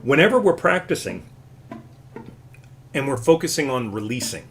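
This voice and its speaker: A man's voice: medium pitch, very animated, normal speed, a little hiss or hum. Patient, encouraging male guitar teacher. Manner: patient, encouraging, explains with counting and images. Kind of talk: live guitar lesson.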